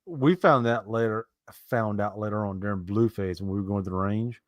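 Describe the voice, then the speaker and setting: A man's voice: lowish voice, dry recording. A man chatting casually about army training, often stumbling and repeating words. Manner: halting, repeats words, quick asides. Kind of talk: casual chat.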